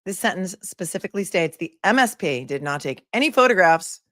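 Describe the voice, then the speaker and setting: A woman attorney reads a legal complaint aloud in a deliberate way and breaks off for wry asides to her viewers. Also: lowish voice, animated, no room sound, studio quality. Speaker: attorney commentator.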